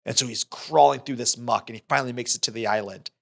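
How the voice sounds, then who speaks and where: Quick and creaky, this mid-range male voice belongs to a podcast co-host discussing movies casually. He recounts scenes with animation, frequently starting over mid-thought.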